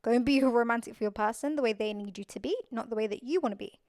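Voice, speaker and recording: A woman's voice: on the high side, quick pace, darkish tone, no room sound, studio quality. A young adult woman hosting her own podcast, talking earnestly and repeating phrases for emphasis. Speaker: podcast host. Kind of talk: casual solo podcast talk.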